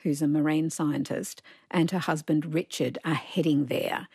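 A woman hosts a radio book review, her voice low and a little husky. She talks in a measured way, and the studio sound is dry and close. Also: fairly even intonation, a little mellow, no echo. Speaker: radio book show host.

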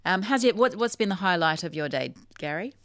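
A woman's voice: fairly low pitch, expressive, a little fast, a bit bright, no room sound, studio quality. A woman with a South Australian accent hosting a radio talk show, chatting casually and reading listener messages aloud. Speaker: radio host. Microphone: studio microphone.

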